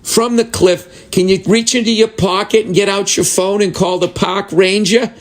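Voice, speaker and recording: A comedian voicing a flat, unhelpful male customer service worker who refuses in a slow, deadpan way. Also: high-pitched, pitched above the performer's own voice. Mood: mock-polite.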